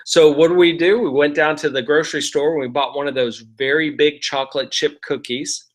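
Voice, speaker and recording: A man's voice: a little high, steady tone, a little fast. A middle-aged man telling a real estate investing story as a casual lesson, talking conversationally and often checking in with "right?".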